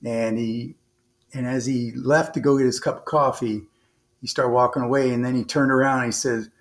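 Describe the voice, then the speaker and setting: A man's voice: mid-range voice, moderate pace. A man who is a former naval officer and podcast guest, telling a long story in an earnest, conversational way, full of restarts and fillers. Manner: rambling, frequent restarts and fillers; earnest, animated retelling with quoted dialogue.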